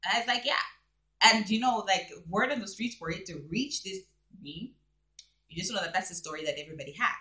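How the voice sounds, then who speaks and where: A woman tells gossip in a loose, chatty vlog. Her voice is bright, and her pitch swings widely as she acts out what other people said. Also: lively intonation, fairly quick. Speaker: vlogger. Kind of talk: casual gossip commentary.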